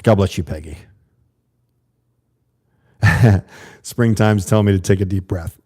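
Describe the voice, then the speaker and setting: Casting: American man, livestream host, low mellow voice, rambling and chatty with viewers. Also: a little slow, long pauses. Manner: rambling, talks to viewers and reads chat. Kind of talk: casual livestream monologue.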